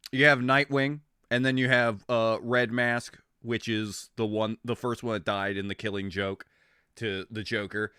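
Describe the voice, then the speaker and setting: A man rambles through casual stream chat and gets excitable, swearing freely. His voice has a bright, forceful edge. The sound is dry and close. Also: medium pitch, dry recording.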